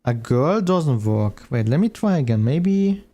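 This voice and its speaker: A man's voice: medium pitch, very animated, measured pace, warm tone. A man streaming as a VTuber, reacting casually to a video, thinking aloud and laughing often.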